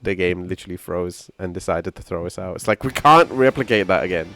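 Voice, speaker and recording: A man streaming a fighting game, chatting casually, laughing often and shouting at the screen. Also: sits low, brisk. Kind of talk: casual gameplay banter.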